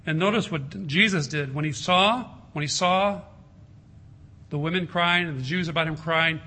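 A man preaching a sermon in an earnest way, slowing down and softening his voice to stress a point. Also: a little high. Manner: earnest, slows and softens for emphasis. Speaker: pastor.

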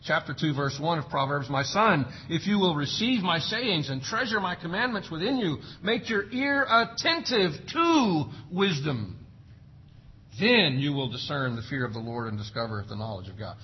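A man's voice: fairly high pitch, animated, brisk, hardly any pauses, breathy edge, lo-fi sound. A man preaching a sermon as pastor, emphatic and full of rhetorical questions. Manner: emphatic, rhetorical questions, acts out parents' sayings.

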